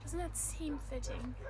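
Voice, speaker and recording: A woman reading tarot cards in a casual, gushing way, often close to tears. Her voice sits at an ordinary middle pitch. Dogs bark clearly behind her. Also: very noisy. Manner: emotional, gushing, near tears. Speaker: tarot reader. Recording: dogs barking in the background. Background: dogs barking.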